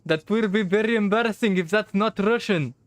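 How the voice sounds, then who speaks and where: A woman's voice: mid-range voice, fairly quick, no room sound. A woman streamer chatting casually and laughing often while playing a game with a friend. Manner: giggly, reads game lines aloud.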